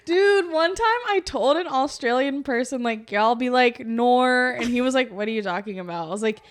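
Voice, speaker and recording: A woman's voice: high-pitched, brisk. Female podcast co-host, casual storyteller, playful impressions. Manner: chatty storyteller, animated impressions. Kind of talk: casual chat.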